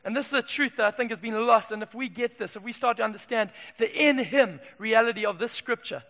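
High-voiced, gravelly preacher. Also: male voice, a little fast. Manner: emphatic, swings from loud declarations to quiet asides. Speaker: pastor. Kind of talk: sermon. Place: church. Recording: long hall reverb.

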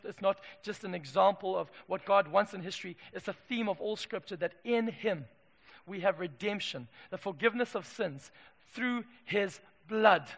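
A man preaching a sermon, telling a story dramatically, swinging from loud peaks down to soft, quiet passages. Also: high-pitched. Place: church hall. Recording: long hall reverb.

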